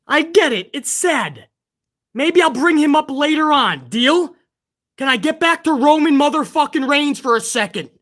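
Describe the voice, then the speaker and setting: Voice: high voice, moderate pace. A livestream host of a pro wrestling channel ranting heatedly, swearing often. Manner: excitable. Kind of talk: livestream rant.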